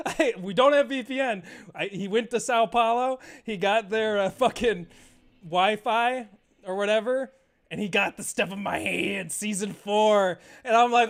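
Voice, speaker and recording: A man's voice: sits high, a little slow. A young man streaming a game, chatting in a rambling, profane way and laughing often. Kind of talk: casual gameplay chat.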